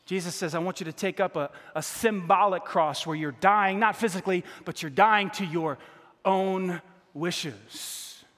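A man delivers a sermon with a high, bright voice, swinging between loud bursts and hushed asides. He urges the congregation to repeat lines after him. His voice echoes with a long tail around a large hall. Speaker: pastor.

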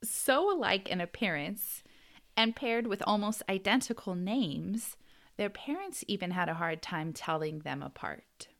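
A woman's voice: mid-range voice, animated, a little slow, vocal fry. American lady podcast cohost, casual and giggly, telling a story. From United States. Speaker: podcast co-host. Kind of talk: casual chat.

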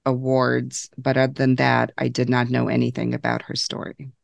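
A woman with a very low, gravelly voice co-hosts a book podcast in casual conversation. She delivers her jokes deadpan. The recording is dry and close. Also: normal speed, no room sound. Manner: deadpan joking. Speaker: podcast co-host. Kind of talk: casual book-club chat.

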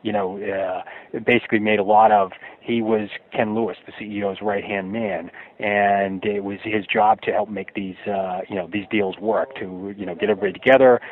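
A man with a fairly low voice speaks as an interview guest over a thin, phone-like line. He talks conversationally, stopping and restarting, repeating words as he works out his thoughts. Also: level tone. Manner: halting, repeats words while thinking. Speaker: author guest.

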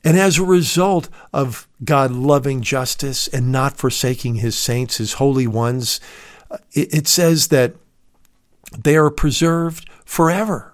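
A man's voice: medium pitch, slow, dry recording, clean studio sound. A man preaching a recorded sermon to his listeners, calling them dear friend and leaning hard on key words. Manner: emphatic, swells on key words. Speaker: radio preacher.

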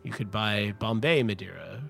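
A man's voice: on the low side, normal speed, creaky, fairly bright tone, soft background music. A man in a casual podcast conversation, telling a long story about wine history in a chatty, rambling way full of restarts and asides. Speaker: wine importer guest.

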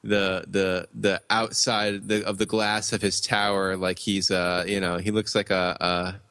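A man with a fairly low voice co-hosting a casual comics podcast. He thinks out loud, restarting and repeating words before landing on his point. The talk stays loose and conversational. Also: little pitch movement, clear, resonant tone, no echo. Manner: halting, repeats words while thinking aloud. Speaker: podcast co-host.

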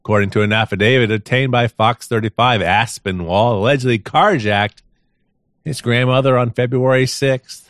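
A man's voice: on the low side, a bit bright, dry recording, clean studio sound. A man co-hosting a podcast, reading news stories aloud in a casual, amused way with frequent chuckles. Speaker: podcast co-host.

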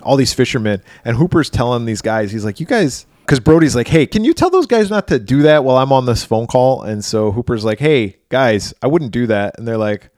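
A man's voice: medium pitch, very animated, fairly quick, few pauses, darkish tone, dry recording, clean studio sound. A man co-hosting a podcast, animatedly retelling movie scenes in casual chat, acting out lines and laughing often. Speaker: podcast co-host.

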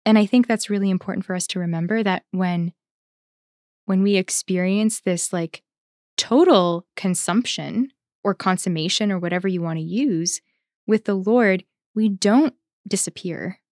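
A woman's voice: medium pitch, a little mellow, dry recording. Thoughtful woman, religious sister, dry close sound. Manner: thoughtful, pauses with fillers, laughs easily. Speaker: religious sister, podcast co-host. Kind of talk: reflective conversational discussion.

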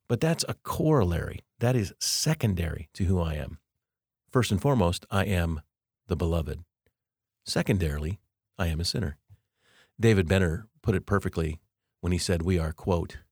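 A man hosting a podcast, giving a reflective devotional monologue with slow, deliberate, emphatic phrasing. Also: low voice, darkish tone, no room sound, clean studio sound. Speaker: podcast host.

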